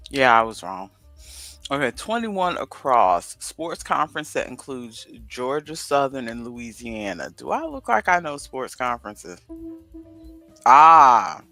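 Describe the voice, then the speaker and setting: Man, casual livestream co-host, talks to himself while puzzling, bouncy pitch, bright forward tone. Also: big pitch swings, unhurried, dry recording, faint music behind. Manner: rambling, talks to himself while solving a crossword. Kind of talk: casual chat, thinking aloud.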